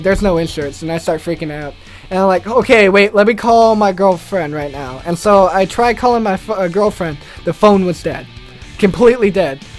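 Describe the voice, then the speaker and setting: A young man hosting a casual video, telling a rambling story and swearing freely. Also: high voice. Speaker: gaming channel host.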